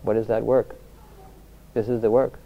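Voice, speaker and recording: A soft-spoken older man, a spiritual teacher telling anecdotes in a reflective talk, often restarting his sentences. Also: lowish voice, level tone, normal speed, gravelly. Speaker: spiritual teacher answering questions. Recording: dull lo-fi recording.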